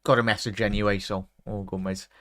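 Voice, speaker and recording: A man's voice: lowish voice, flat delivery, brisk, fairly bright tone, dry recording, studio quality. Chatty young man streaming a football watchalong. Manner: chatty, reads out viewer messages, calls everyone mate. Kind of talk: casual live-stream chat and match commentary.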